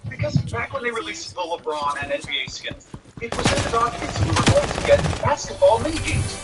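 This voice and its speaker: A man narrates a gaming video from a script, his voice sitting high and leaping up and down constantly. He sounds chatty and opinionated. Loud music plays behind him the whole time. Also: sing-song, quick pace. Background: loud background music.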